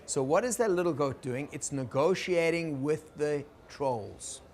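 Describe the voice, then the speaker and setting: A man teaching about conflict in a gentle, explaining lecture style, checking in with his listeners. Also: fairly high pitch, lively intonation, unhurried. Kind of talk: recorded lecture.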